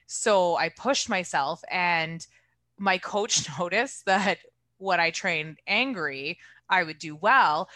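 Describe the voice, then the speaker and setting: A woman's voice: fairly low pitch, slow, pushed and bright, no echo. A woman in casual chat, talking candidly and chattily as a strength athlete.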